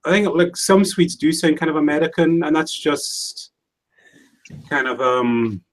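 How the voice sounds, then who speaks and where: A man's voice: fairly high pitch, lively intonation, measured pace. Rambling male livestream host. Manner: rambling, hesitant, many restarts. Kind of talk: casual chat. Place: home livestream setup.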